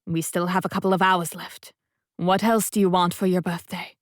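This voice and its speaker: A woman reading the lines of a guarded young man, the narrator's boss and husband, in a low, tender murmur for an audiobook. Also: little pitch movement, normal speed, no echo, clean studio sound, natural voice. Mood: hesitant.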